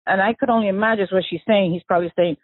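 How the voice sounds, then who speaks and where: A woman, the victim's sister, recounting memories of her sibling in an emotional, animated way, acting out the dialogue she quotes. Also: mid-range voice, racing, dry recording. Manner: animated storyteller who acts out quoted dialogue. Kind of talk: emotional first-person recollection. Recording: tinny phone-line audio.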